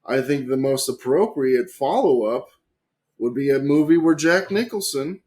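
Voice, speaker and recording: Appearing as a podcast guest, a man chats casually at normal speed in a medium-pitched voice. He is animated and swears freely, his volume swinging widely between loud and quiet.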